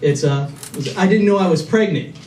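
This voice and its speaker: A man's voice: high voice, moderate pace, a crowd in the background. A man doing a stand-up comedy set on a club stage, rambling and self-mocking, with lots of restarts and fillers. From Illinois. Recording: echoey club audio from a distant camera.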